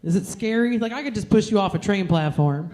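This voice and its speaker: A woman's voice: mid-range voice, animated, fairly quick, mellow. A woman performing a stand-up comedy set with a brash, crude and self-mocking delivery.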